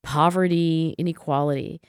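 A woman psychologist and author being interviewed, speaking in an earnest, thoughtful way with quick restarts. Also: low voice, fairly even intonation, smooth, no echo, clean studio sound. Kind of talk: interview conversation.

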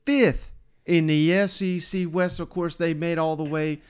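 A man with a slightly higher pitch than most, talking sports in a loose, conversational way. He jokes about his own misses while he leads the chat as podcast host. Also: fairly even intonation, measured pace, clear, resonant tone. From Southern United States. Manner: self-mocking, conversational.

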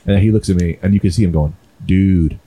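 A young adult man hosting a podcast in casual chat, an animated storyteller who swears freely and acts out voices. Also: deep voice, very fast. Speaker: podcast host.

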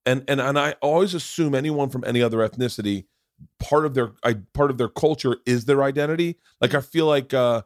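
A man's voice: mid-range voice, fairly quick, no room sound, clean studio sound. A middle-aged man hosting a casual interview podcast, rambling with many restarts and cursing freely. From Florida. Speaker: podcast host.

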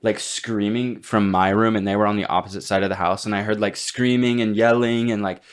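Low-voiced man telling dramatic stories. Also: steady tone, fairly quick, clean tone. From Texas. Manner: dramatic storytelling, swearing, self-mocking. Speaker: podcast co-host. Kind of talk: casual chat.

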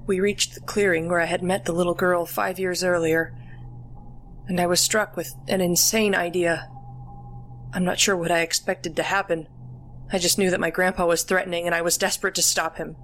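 A woman narrating a first-person horror story in a steady, measured storytelling manner. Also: on the low side, slight background noise.

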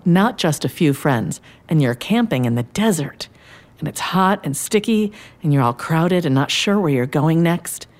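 A woman playing a gentle grandmother who tells a bedtime-style story to a child in an audio drama. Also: low voice. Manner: gentle, warm-toned storytelling.

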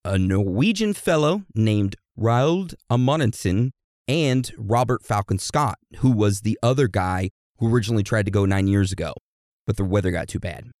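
With a fairly low, expressive and slightly mellow voice at a moderate pace, a man hosts a podcast where he tells history casually, cracking jokes and cursing. He addresses his co-host like a teacher, in a dry, clean studio recording.

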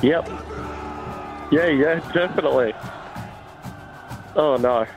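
A man's voice: fairly high pitch, slow pace, soft background music, a faint crowd, low-quality recording. A comedian from Australia, a man chatting casually and laughing at himself. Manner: laughing, self-deprecating, chatty. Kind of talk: casual phone chat.

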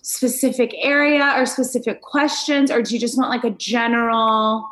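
A woman's voice: on the high side, fairly even intonation, normal speed, a bit bright, roomy sound. A woman songwriter chatting as a podcast guest, telling stories and swearing casually. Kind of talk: casual chat.

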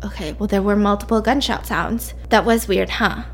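A woman casually retelling a story with animated, chatty asides. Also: mid-range voice, moderate pace, slight background noise. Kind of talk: casual plot recap.

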